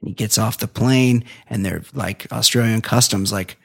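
A man's voice: lowish voice, moderate pace, vocal fry, few pauses, breathy edge. Joking male podcast co-host reading news. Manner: profane, jokey, reads stories then riffs on them. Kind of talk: casual chat, reading news aloud.

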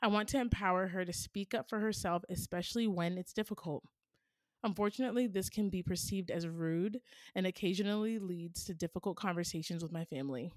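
A woman in her thirties hosts a podcast and talks through parenting advice in an earnest, storytelling way. Her voice sits a bit low, and the recording is dry and close with no room sound. She keeps it casual, with plenty of "like" and "right?" along the way. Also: brisk, a little mellow, dry recording. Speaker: podcast host answering a listener question.

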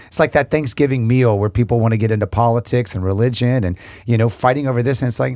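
A man's voice: medium pitch, quick pace, hardly any pauses, a little mellow, dry recording, clean studio sound. A man in a casual Bible discussion who reads a passage aloud and reflects on it in an encouraging way. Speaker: co-host of a devotional talk.

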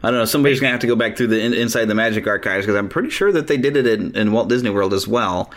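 A man hosting a podcast in casual, eager conversation, talking quickly and laughing easily. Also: lowish voice, expressive. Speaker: podcast host. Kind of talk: casual chat.

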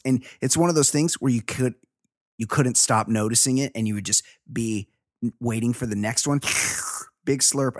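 A man's voice: lowish voice, no echo, studio quality. A middle-aged man co-hosting a casual podcast, reading listener emails and telling rambling, crude stories with plenty of swearing. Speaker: podcast co-host.

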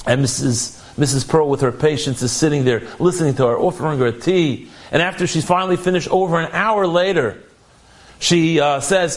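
A man telling an inspirational religious story in an animated, conversational way. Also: on the high side, normal speed.

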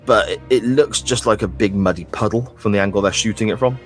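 Over soft background music, a man with a fairly low voice briskly recaps a clip as co-host of a wrestling podcast. His casual chat is sarcastic and full of swearing.

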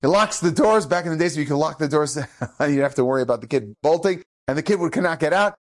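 Animated male rabbi telling a story. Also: a little high, quick pace. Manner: animated, acts out the characters. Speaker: rabbi and educator. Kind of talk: inspirational storytelling.

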